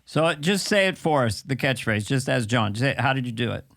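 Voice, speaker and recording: A man's voice: medium pitch, animated, fairly quick, gravelly, fairly bright tone, dry recording. A man hosting a podcast, chatting in a teasing, playful way. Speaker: podcast host. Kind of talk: casual comic chat.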